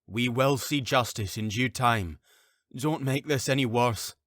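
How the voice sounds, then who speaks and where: A man's voice: mid-range voice, measured pace, fairly bright tone, no echo, studio quality, voice pushed up, close to an everyday voice. A man voicing a guilt-ridden, resigned husband and father who speaks in a remorseful, subdued way. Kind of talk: audiobook character voice.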